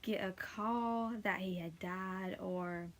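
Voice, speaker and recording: A woman's voice: mid-range voice, fairly even intonation, slow pace. A young woman casually telling a personal faith story, rambling with many fillers, emotional and close to tears. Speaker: vlogger sharing testimony.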